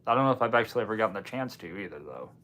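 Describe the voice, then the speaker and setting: A man's voice: lowish voice, very animated, racing, fairly bright tone, slight background noise. A man hosting a casual livestream, reading viewer comments and answering in a loose, offhand way with dry asides. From Washington State, US. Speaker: livestream host.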